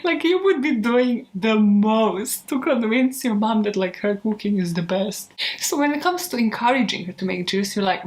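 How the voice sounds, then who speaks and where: A woman's voice: on the high side, expressive, normal speed, a little mellow. A young woman in casual outtake chatter to the camera, profane, giggly and self-mocking, on a desk microphone at home. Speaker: true crime YouTuber.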